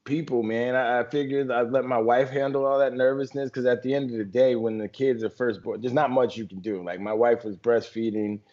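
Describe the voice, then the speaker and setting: A man's voice: medium pitch, fairly even intonation, fairly quick, few pauses, a little mellow, muffled recording. Laid-back man in casual podcast chat. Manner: laid-back, loose, slangy. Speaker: podcast co-host.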